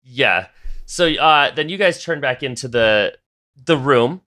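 A man with a bright, ringing voice runs a tabletop game as game master. He narrates in a loose, rambling way, full of fillers and quick restarts. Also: medium pitch, animated.

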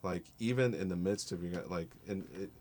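This is a man with a deep, low voice, speaking to students in a music program. He talks in an earnest and encouraging way. His speech is casual and peppered with slang. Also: normal speed, a little mellow, slight background noise. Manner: earnest, encouraging, heavy on "like" and "dope". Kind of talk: casual group conversation.

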